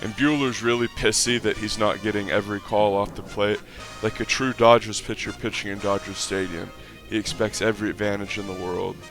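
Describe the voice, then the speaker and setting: A man with a fairly low voice calls a baseball clip like a play-by-play announcer and rants about it. His commentary is salty and exasperated, and he breaks into excited shouts. Faint music plays behind him. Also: brisk. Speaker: online video commentator. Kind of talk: mock play-by-play commentary and rant.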